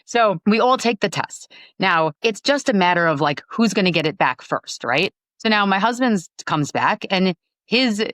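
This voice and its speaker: A woman in her forties from Long Island, New York, telling her story as a podcast guest in a lively, chatty way, full of fillers. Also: mid-range voice, normal speed, no echo. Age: 40s. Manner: animated, acts out quoted dialogue, many fillers. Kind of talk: casual storytelling interview.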